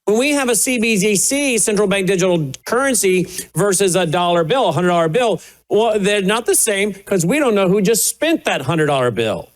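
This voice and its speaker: A man's voice: high voice, animated, normal speed, hardly any pauses. A man hosting a political commentary show, talking indignantly and with sarcasm over played clips. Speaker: host.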